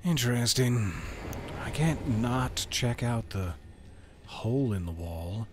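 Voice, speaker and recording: A man's voice: medium pitch, takes it slowly, a little mellow, slight background noise. Wry, playful man streaming a game. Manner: wry, playful banter with chat. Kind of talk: casual gameplay commentary.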